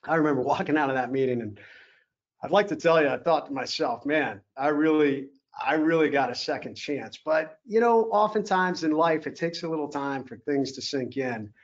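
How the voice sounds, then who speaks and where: A man's voice: a little high, animated, normal speed. A man giving a motivational talk at an evening event, telling a personal story in an earnest way and acting out what officers said to him. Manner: earnest, acts out quoted officers. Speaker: keynote speaker. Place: event hall. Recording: slightly dull lo-fi sound.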